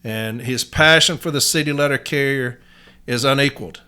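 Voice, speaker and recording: A man's voice: medium pitch, normal speed, bright, forceful tone, clear, resonant tone. A man from Nashville, Tennessee, with a Southern accent, hosting a podcast in a blunt, folksy monologue. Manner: blunt, folksy, uses y'all. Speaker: podcast host.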